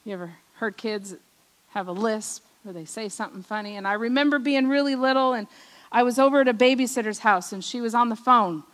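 A middle-aged woman preaching a personal testimony, telling stories from her childhood, acting out the voices she remembers and often trailing off softly. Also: a little high, a little fast, poor audio. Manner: storytelling, acts out remembered voices, drops soft at ends of lines. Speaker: speaker at a church service.

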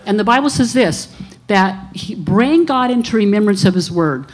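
A woman's voice: medium pitch, expressive, moderate pace. A woman in her sixties, a minister, giving an earnest testimony to a church congregation and telling stories along the way. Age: 60s.

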